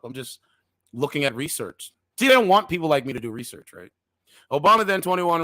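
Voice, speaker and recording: A man's voice: on the high side, sharp tone, no room sound. A man hosting a casual commentary channel, reading news articles aloud with slangy asides, stumbling over words and repeating defensive disclaimers.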